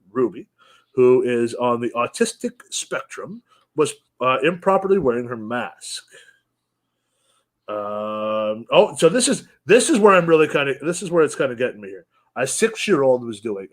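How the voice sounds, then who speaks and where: A man with a high voice hosts a casual podcast. He swears constantly and works himself into loud, angry rants. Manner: swears heavily, angry ranting. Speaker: podcast host.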